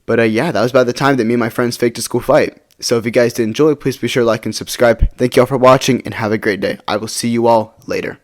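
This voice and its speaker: A man's voice: medium pitch, steady tone, fast, hardly any pauses. A young man casually telling a school story to his channel, rambling and tossing in "right?" often. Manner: rambling, repeats words and fillers like "right?".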